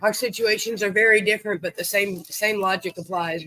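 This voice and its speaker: Man, livestream host, easygoing chat, bright tone, dry recording. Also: high-pitched, steady tone, a little fast, dry recording, poor audio. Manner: easygoing, rambling, greets viewers by name. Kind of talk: casual chat with viewers.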